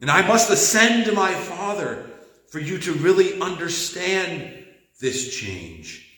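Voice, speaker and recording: Pastor, male, slow deliberate sermon delivery, bright tone, roomy church echo. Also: high-pitched, sing-song. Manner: earnest, emphatic preaching with slow stresses.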